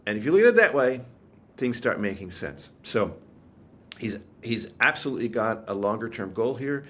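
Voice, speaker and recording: A man's voice: medium pitch, very animated, moderate pace, a bit bright, husky. A man answering interview questions as a market analyst, candid and emphatic, thinking aloud in long explanatory runs. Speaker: commodities analyst guest.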